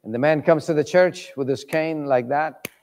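Animated preacher man in a big hall. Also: fairly high pitch, normal speed. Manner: animated, acts out voices in stories. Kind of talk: sermon storytelling. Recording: long reverb of a large hall.

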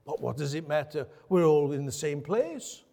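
A male pastor delivers a sermon in a high, carrying voice, earnest and emphatic. He leans on rhetorical questions to press his points home to the congregation. The sound rings with a long reverb, as in a large church hall. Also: expressive, moderate pace, creaky, warm tone.

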